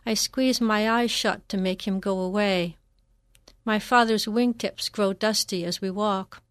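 Measured woman reading a memoir. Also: medium pitch, steady tone, clear, resonant tone, no room sound, clean studio sound. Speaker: narrator. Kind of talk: first-person memoir reading.

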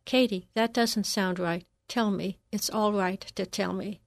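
A gentle teenage girl coaxes the truth out of her best friend with soft, probing questions, read by a woman in her own voice. The voice sounds dry and close to the mic. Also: medium pitch, steady tone, measured pace, gravelly, no room sound.

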